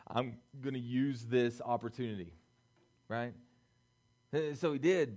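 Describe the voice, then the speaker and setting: A man in his thirties preaching a casual sermon, joking and acting out quoted voices. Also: on the high side. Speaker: pastor.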